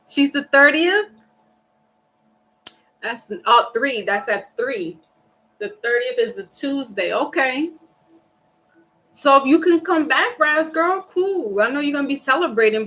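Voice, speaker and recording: A woman hosting a livestream reading, talking casually to her viewers about grief and acting out past conversations in lively voices. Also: sits high, moderate pace. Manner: talks through grief, quoting herself and a friend in animated voices. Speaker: tarot reader on a livestream. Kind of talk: casual chat with live viewers.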